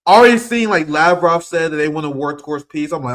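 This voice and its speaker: A man's voice: high-pitched, animated, fast, hardly any pauses, a bit bright. A man from the American Midwest giving emotional, exasperated live political commentary on his stream, swearing casually and near tears.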